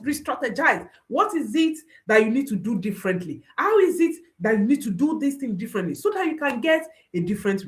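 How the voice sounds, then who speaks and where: Coaching parents in a motivational talk, this woman speaks in a voice set a little high that swings broadly in pitch. Short phrases come back again and again as refrains to hammer her points, and her voice climbs and falls sharply for emphasis.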